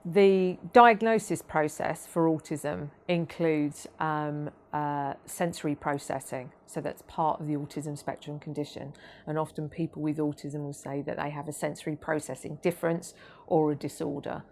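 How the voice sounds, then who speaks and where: A woman giving a training talk about autism, measured and explanatory, with frequent ums and restarts. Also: deep voice, fairly even intonation, darkish tone, slight background noise.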